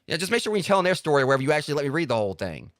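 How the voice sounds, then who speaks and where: A man streaming a video game, giving sarcastic commentary and jumping high in pitch when exasperated. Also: very animated, rapid-fire, dry recording, studio quality. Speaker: gaming streamer. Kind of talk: live gameplay commentary.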